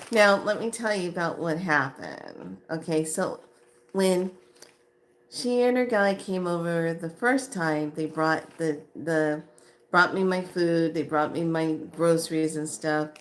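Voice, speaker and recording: A woman vlogger telling a casual story in an animated way, acting out what people said and laughing often. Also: on the low side, a little slow, slight background noise. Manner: animated, acts out quoted voices, laughs often.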